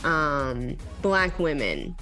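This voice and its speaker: A woman's voice: low voice, big pitch swings, extremely slow, pushed and bright, faint music behind. A woman guest on a podcast, chatty and grateful. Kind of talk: casual conversational podcast talk.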